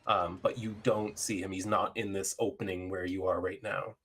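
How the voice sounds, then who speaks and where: A man's voice: low voice, normal speed, slightly rough. A man narrating as game master, easygoing and full of ums as he describes the scene. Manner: relaxed, hesitant, many ums.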